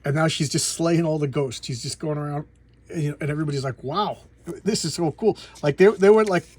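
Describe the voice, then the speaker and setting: A man's voice: a little high, quick pace, a little mellow. A man casually recapping a comic book plot, rambling with many restarts and repeated words.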